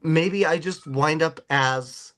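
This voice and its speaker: A man's voice: fairly high pitch, slow pace, fairly bright tone. A middle-aged man hosting a podcast, telling rambling stories in casual chat with a joking manner. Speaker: podcast host.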